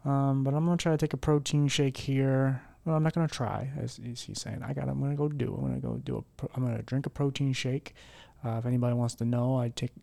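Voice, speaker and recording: A man hosting his own podcast at home, talking candidly and rambling with lots of fillers and restarts, sounding low-spirited and worn down. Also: fairly even intonation, fast, gravelly, mellow, dry recording. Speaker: podcast host. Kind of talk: candid solo podcast chat.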